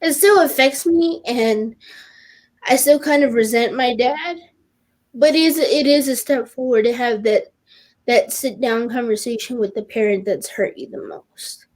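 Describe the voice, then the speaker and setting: Emotional teen girl, fairly high voice. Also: darkish tone. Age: teens. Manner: earnest, halting, with many restarts; openly emotional. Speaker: teen podcast guest. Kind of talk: personal podcast conversation.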